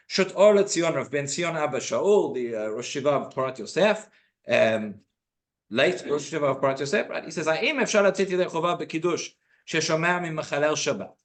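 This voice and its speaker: A man's voice: fairly high pitch, fairly bright tone. Man teaching a synagogue Torah class. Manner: explanatory, with frequent restarts and Hebrew quotations. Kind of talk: informal Torah class lecture.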